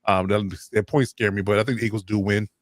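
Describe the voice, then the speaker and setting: A man's voice: fast talker, no room sound, clean studio sound. Laid-back man hosting a sports podcast. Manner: relaxed, filler-heavy, turns up pitch when leading in. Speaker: host. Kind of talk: casual sports podcast chat.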